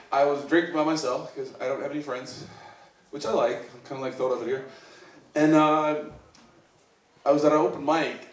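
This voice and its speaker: A man from Iceland doing open mic stand-up, rambling and self-deprecating, acting out the voices of the people in his stories. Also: mid-range voice. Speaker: stand-up comedian. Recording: echoey room recorded from a distance. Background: audience laughter.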